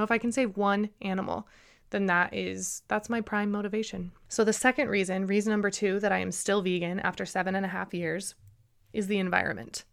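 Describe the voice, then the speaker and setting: A woman talks through a solo podcast episode in an earnest, emphatic way, stumbling and restarting as she goes. Her voice sits at an ordinary middle pitch and carries a slightly emotional edge. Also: creaky, fairly bright tone. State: a little emotional. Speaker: podcast host. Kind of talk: casual solo podcast monologue.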